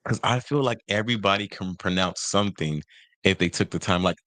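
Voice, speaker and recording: Very deep-voiced man chatting casually. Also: a little fast, no echo. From Nigeria. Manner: animated, teasing, spells words out. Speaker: podcast co-host. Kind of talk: casual chat.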